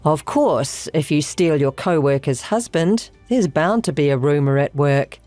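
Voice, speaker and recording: A woman plays a wronged woman who stays cool and sarcastic, with a low voice and a slow, unhurried delivery. The sound is dry and close, with soft music underneath. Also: animated, no room sound. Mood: cold sarcastic. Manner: sarcastic, unbothered. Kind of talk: texting-story voice-over.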